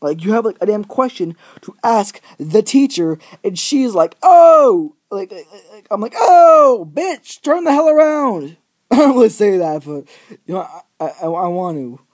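Ranting teenage boy with a mellow voice. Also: high voice, animated, moderate pace. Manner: profane, rambling, heavy use of filler words. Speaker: vlogger. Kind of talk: casual ranting vlog.

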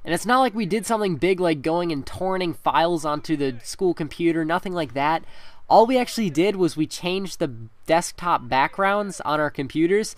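A man's voice: fairly high pitch, lively intonation, normal speed. A young man in his teens, telling a school story in a chatty way with frequent laughs and fillers while commenting on gameplay. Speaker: gaming commentator. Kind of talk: casual storytelling over gameplay.

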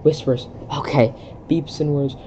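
A young adult video creator casually reads a film script aloud, including the stage directions, stumbling over words and breaking off to comment in bewilderment. The voice is mid-range and dark with fairly even intonation and a measured pace, and the recording is muffled with a little hiss or hum.

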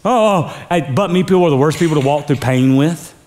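A man preaching in a church in an energetic sermon style, often pushing the room to say the words back with him. His voice sits a little higher than most men's. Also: fairly quick. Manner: energetic preaching with call-and-response. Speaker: pastor. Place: church sanctuary.

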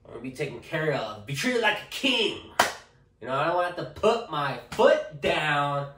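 A man's voice: a little high, sing-song, moderate pace, distant mic, heavy background noise. A man chatting casually to camera in a joking, rambling way, often tagging lines with okay. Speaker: vlogger. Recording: echoey room, off-mic.

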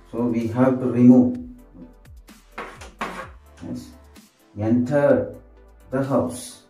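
Far from the mic, a man with a warm, medium-pitched voice teaches English grammar slowly, repeating sentences over and over and replying to himself with "yes". The recording has room echo and faint music.

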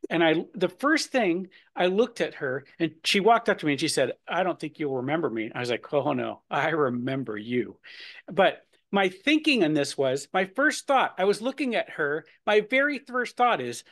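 A man's voice: fairly high pitch, lively intonation, normal speed, a bit bright. A man hosting and moderating a discussion over a video call, chatty and engaging. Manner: gravelly, chatty. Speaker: host.

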